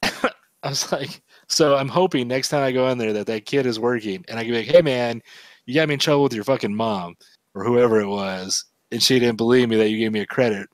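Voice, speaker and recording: A man hosting an art livestream who chats casually and tells a rambling, animated story. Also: mid-range voice, a little fast, dry recording. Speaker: livestream art show host. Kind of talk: casual banter while drawing.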